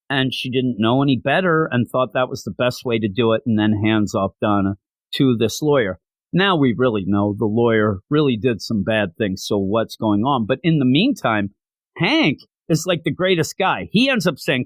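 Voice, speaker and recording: A man hosts a comic book podcast, retelling a story in an easygoing, heartfelt way. His voice swings up and down with lively inflection. The sound is dry and close, with no room echo. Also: mid-range voice, normal speed. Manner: animated, openly sentimental storytelling. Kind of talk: casual comic recap.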